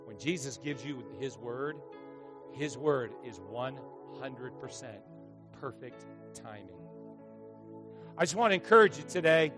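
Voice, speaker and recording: Middle-aged male pastor, lively storytelling sermon with jokes, slightly high voice, soft music underneath. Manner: animated, joking storyteller who acts out voices.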